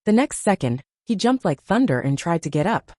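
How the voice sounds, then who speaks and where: Woman narrating an audiobook, lively pitch. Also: normal speed, dry recording, clean studio sound. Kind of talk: first-person story narration.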